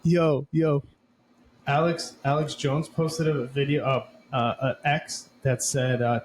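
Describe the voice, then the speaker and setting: A man's voice: a little high, flat delivery, slow, a little hiss or hum. A man co-hosting a podcast in casual chat, mostly adding short, dry remarks. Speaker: podcast co-host. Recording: echoey room with faint ambience.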